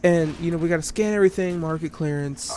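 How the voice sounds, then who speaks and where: A man's voice: on the high side, fast talker, over music. A young man casually telling a story over gameplay, ranting and swearing with lots of restarts and fillers. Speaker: gaming video creator. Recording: gunfire from game audio behind.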